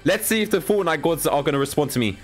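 Young male gaming creator narrating his match live: very animated pitch, chatty with viewers, quick to yell in frustration. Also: soft background music. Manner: excitable, talks to viewers, frequent exasperated outbursts. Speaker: gaming YouTuber. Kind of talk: live gameplay commentary.

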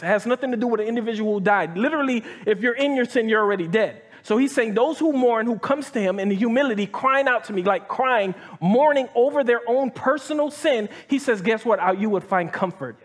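High-voiced man preaching to a congregation. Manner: conversational preaching with many restarts and repeated "like" and "right?"; reads scripture aloud and comments between verses. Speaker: pastor. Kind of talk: sermon. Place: church hall with live audience.

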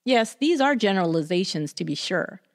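A woman hosting a podcast, reading a scripted true crime story in a measured, deliberate way. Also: medium pitch, very animated.

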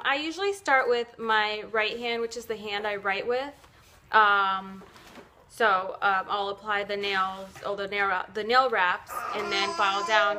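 With slight background noise behind her, a nail wrap seller walks through an at-home demonstration in a sharp-toned, mid-range voice. Her chatty, rambling tutorial is full of fillers and corrections, punctuated by little self-amused laughs.

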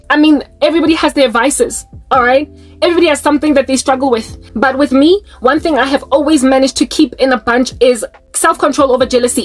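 A South African woman giving an emotional faith monologue, pleading and passionate, often restarting mid-sentence. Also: sits high. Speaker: Christian vlogger.

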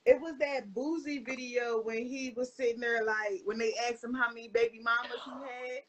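A woman's voice: on the high side, steady tone, moderate pace, fairly bright tone, lo-fi sound. A woman, chatting bluntly and profanely as co-host of a live podcast. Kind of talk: casual chat on a live stream.

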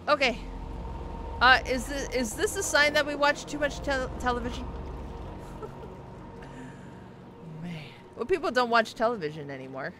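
Hoarse woman reacting as she plays. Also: sits high, big pitch swings, a little slow, pauses often, noisy background. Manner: reactive, exclaiming, talks to the game. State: hoarse, losing voice. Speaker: let's play gamer. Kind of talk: gameplay commentary.

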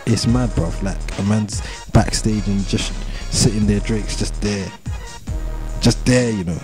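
A man's voice: on the low side, a little slow. A young English man, a rapper, chatting casually in an interview with a London street accent and heavy slang, repeating himself in a laid-back way. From England. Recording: music playing under voice.

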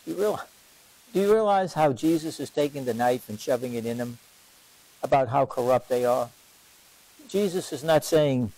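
A man leading a parish Bible study as its teacher, questioning his class and repeating key lines for emphasis in an unhurried classroom lecture. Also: a little high, warm tone, poor audio. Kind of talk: lively classroom lecture on scripture.

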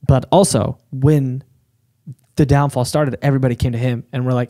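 A man co-hosting a podcast, explaining in casual chat with lots of fillers, his voice rough and hoarse. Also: mid-range voice, steady tone, moderate pace, dark tone. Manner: explaining, filler-heavy, joking. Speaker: podcast co-host.

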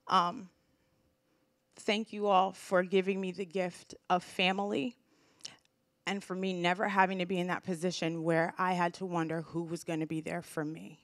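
A young woman speaks to a community audience, grateful and emotional, often restarting her phrases. Her voice sits a little low for a woman and sounds dry and close. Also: dry recording. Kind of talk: heartfelt speech to an audience. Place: community event hall.

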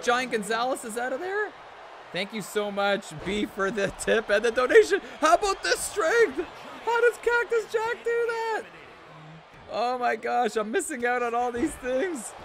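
A man hosting a live stream, excitedly commentating a wrestling video game and reading out viewer messages, shouting at big moves and laughing to himself. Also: high voice, background noise.

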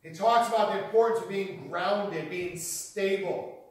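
A pastor preaching a sermon in an earnest teaching manner, repeating key phrases for emphasis. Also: male voice, high voice, measured pace. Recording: very echoey hall, mic far off.

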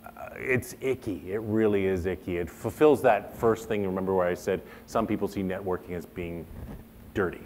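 A middle-aged man leading an interactive workshop, talking to the room in an animated way and acting out the remarks he quotes. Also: sits low, moderate pace, slight background noise. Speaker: workshop presenter.

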